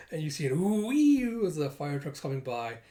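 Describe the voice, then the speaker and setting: A manga reader narrating a comic chapter casually, animated and giggly, reading out sound effects. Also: medium pitch, normal speed. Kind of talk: casual comic read-through.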